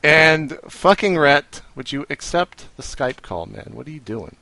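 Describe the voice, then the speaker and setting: Brief: young man, bright voice, relaxed joking host. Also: on the high side, measured pace, gravelly, a little hiss or hum. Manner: easygoing, joking, prompting. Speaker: podcast host. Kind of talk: casual chat.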